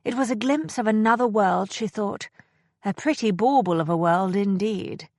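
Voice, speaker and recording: Her medium-pitched voice carries an audiobook reading of a novel, delivered in a calm, measured storytelling style. It's scripted narration, cleanly recorded in a studio without any room sound.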